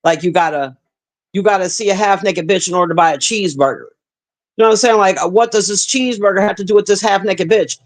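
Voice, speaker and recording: A woman's voice: medium pitch, fast. Brief: woman streamer, blunt and profane, chatting straight to her viewers, sighing between points. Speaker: livestreamer reading chat. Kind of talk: casual livestream rant.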